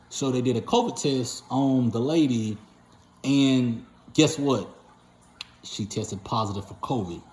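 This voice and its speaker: A man's voice: mid-range voice, moderate pace, a little mellow. A man who runs a patient transport company, casually telling a story to his viewers in a rambling way, full of fillers and self-corrections. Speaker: owner of a patient transport company, channel host. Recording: roomy echo.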